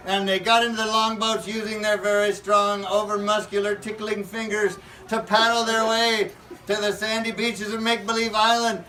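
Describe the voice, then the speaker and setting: A man with a high, bright voice improvises a silly comic tale for a crowd, playful and prone to laughing mid-sentence. He is caught from a distance at an outdoor faire, with steady noise around him. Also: normal speed. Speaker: costumed pirate storyteller at a faire. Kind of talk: improvised comic storytelling with audience.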